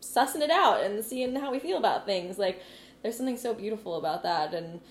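A woman hosting a podcast, chatting casually with frequent short affirmations and halting, searching sentences. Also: mid-range voice, animated. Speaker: podcast host. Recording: roomy echo with faint background noise.

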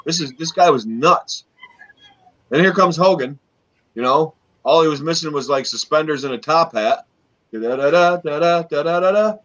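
Animated man on a lo-fi podcast. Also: on the high side, moderate pace. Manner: animated, swears freely, acts out quoted wrestlers. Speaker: podcast co-host. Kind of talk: casual chat.

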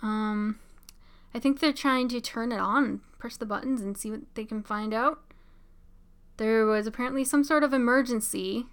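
Giggly young woman, bright clear voice. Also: on the high side, normal speed. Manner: chatty, giggly, excitable, many "like" fillers. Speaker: show reaction commentator. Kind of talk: casual live reaction commentary.

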